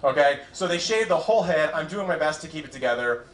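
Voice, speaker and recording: A man's voice: on the high side, lively intonation, fast talker. A young man doing a stand-up set as host, self-deprecating and chatty with the crowd, speaking into a handheld mic on a club stage. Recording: roomy club sound. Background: audience laughter.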